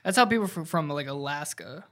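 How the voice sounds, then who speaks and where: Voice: mid-range voice, animated, brisk, a bit bright. Hesitant podcast co-host, stumbles over words, leans on fillers. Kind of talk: casual chat.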